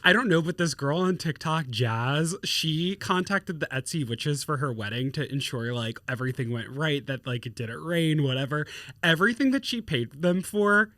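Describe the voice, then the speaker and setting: Casting note: playful male podcast co-host, slightly high, bright voice, dry close mic. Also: expressive, moderate pace, dry recording. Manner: playful, laughs often, exaggerated reactions. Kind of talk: casual chat.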